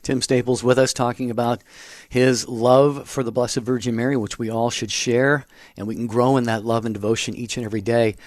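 A man hosting a radio interview, asking long halting questions with fillers. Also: mid-range voice, fairly even intonation, dry recording, clean studio sound. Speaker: radio host. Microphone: studio microphone.

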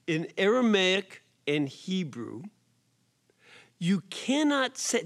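A man preaching as a priest, his voice unusually high for a man. He talks at a slow, unhurried pace, punching single words with sudden rises in volume. At times he drops to a soft whisper for effect. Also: creaky. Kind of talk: sermon. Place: prison chapel or hall.

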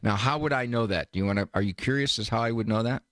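A man's voice: lowish voice, fast, a bit bright, no echo, clean studio sound. A man hosting a radio call-in advice show, joking and teasing his caller. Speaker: radio host, advice doctor.

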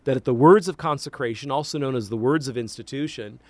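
Priest radio host, male, mid-pitched, dry studio mic, emphatic and lively when answering mail. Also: quick pace, no echo. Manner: animated, emphatic teaching with repetitions. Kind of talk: answering listener questions on call-in radio.

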